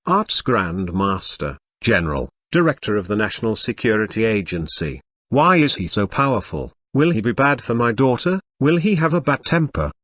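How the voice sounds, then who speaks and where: A man's voice: on the low side, big pitch swings, normal speed, fairly bright tone, no echo. A man reading the lines of an anxious middle-aged father, voiced as a string of worried questions.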